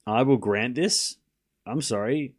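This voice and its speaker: A man's voice: medium pitch, takes it slowly, slightly rough. A man hosting a live tennis watchalong stream, commentating on points and playfully scolding and pleading with his chat.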